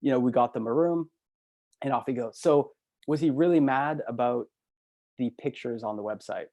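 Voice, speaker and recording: A man telling a story as a guest in an interview, in a casual, animated way and laughing easily. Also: medium pitch, normal speed, lo-fi sound. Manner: animated, acts out the people in his stories. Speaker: hotel expert and entrepreneur, guest.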